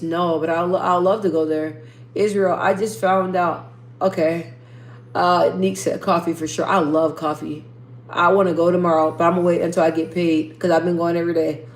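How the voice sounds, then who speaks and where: A young woman hosting a casual livestream, reading viewer comments and rambling in slangy asides. She lifts her speaking voice above her natural lower register. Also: echoey room, a little hiss or hum. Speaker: livestream host.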